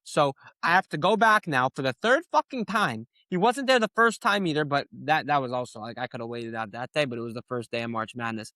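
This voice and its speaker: A tired young man hosting a casual sports talk show, ranting with lots of swearing and growing animated when annoyed. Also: medium pitch, brisk, few pauses, dry recording. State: tired late at night. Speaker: sports podcast host.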